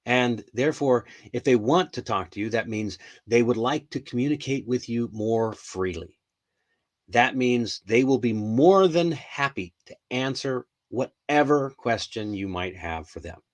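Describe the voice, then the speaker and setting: A man's voice: medium pitch, expressive, a little slow. Chatty man teaching English, lots of ums. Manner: chatty, rambling, frequent ums and restarts. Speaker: English teacher hosting a live stream. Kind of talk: casual live-stream lesson.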